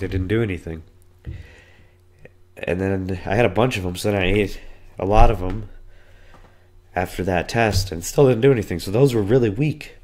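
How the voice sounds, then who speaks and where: Hoarse young man, voice fading. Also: darkish tone. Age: 20s. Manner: profane, rambling storytelling; voice cracks and breaks on high notes. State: hoarse, losing his voice from illness. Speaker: podcast host. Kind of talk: casual solo podcast monologue.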